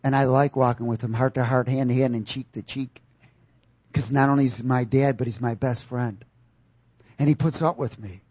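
A man preaching a sermon with animated delivery, calling out questions to his congregation and breaking into loud bursts. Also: mid-range voice, moderate pace, breathy edge, no room sound.

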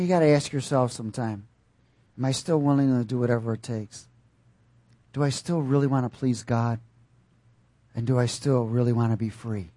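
In a mid-range voice, a man preaches energetically, calling questions out to the congregation and breaking into loud bursts. The recording is dry.

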